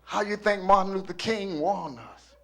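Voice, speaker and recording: Male pastor, high voice, rhythmic preaching from hush to shout. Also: normal speed, creaky. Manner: rhythmic preaching that swings from low murmurs to shouting. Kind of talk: sermon.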